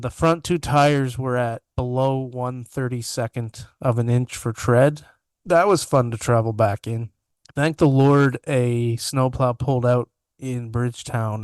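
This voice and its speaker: A man's voice: medium pitch, clean tone, no room sound. A young man co-hosting a podcast remotely from his bedroom, chatting with sarcastic, self-deprecating humor. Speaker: podcast co-host. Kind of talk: casual chat over video call. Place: home master bedroom. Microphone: remote video-call mic.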